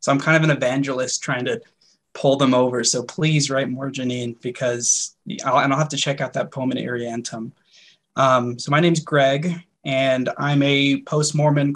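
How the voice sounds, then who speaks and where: Young guy poet on a webinar call, earnest, steady mid voice. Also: medium pitch. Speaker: poet and student. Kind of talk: webinar panel conversation. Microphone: video call.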